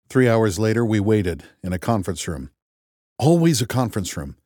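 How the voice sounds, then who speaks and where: A man's voice: low voice, a little mellow, no room sound. Man narrating in first person, wry conversational read, dead dry booth. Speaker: audiobook narrator.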